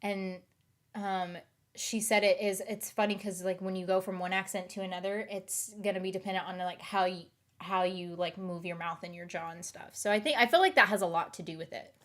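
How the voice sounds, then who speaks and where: A woman's voice: medium pitch, fairly even intonation, a little fast. A young woman with a lightly covered-up Southern US accent, rambling casually in livestream chat with lots of fillers and restarts.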